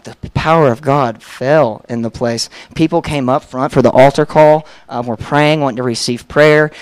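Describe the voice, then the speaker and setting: A young man gives a personal testimony from the pulpit in an easygoing, candid way. He tells the story and acts out the dialogue, dotted with fillers. His voice sits at a middling pitch, and the sound is dry and close with little room echo. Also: smooth. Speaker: preacher.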